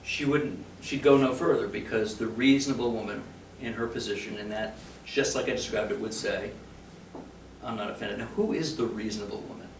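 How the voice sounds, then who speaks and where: A man's voice: on the low side, a little fast, hardly any pauses, slight background noise. A man leading a workplace harassment training for a live room, joking and acting out example lines. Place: meeting room with audience. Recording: roomy, mic far from speaker.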